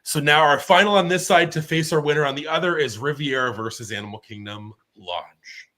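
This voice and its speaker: A man's voice: a little high, brisk, bright, forceful tone. A man hosting a live-streamed casual chat who rambles with lots of fillers and reads out viewer votes. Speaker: host.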